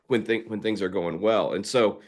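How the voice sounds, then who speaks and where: Low-voiced man, earnest and explanatory, conversational teaching. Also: steady tone, normal speed. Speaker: ministry leader.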